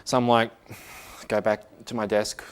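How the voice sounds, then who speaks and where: A man's voice: on the low side, flat delivery, a little slow, clean tone. A man giving a casual tech talk at a meetup, chatty and self-mocking, with many filler words. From Australia. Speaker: meetup speaker. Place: office meeting room.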